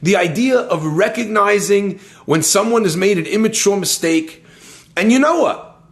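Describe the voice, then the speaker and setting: A man teaching a lively Torah lesson, telling stories and using Hebrew terms. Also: sits high, moderate pace. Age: adult, schooled in yeshiva. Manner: animated storyteller, uses Hebrew terms.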